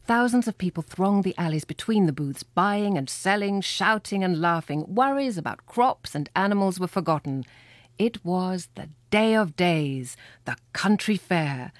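A woman reading a children's storybook aloud with lively, expressive storytelling. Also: on the low side, unhurried, no echo. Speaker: reader. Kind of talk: storybook read-aloud narration.

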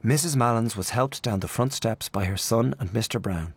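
A man reading a literary story aloud in a measured, expressive narration. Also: lowish voice, husky, no echo. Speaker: audiobook narrator.

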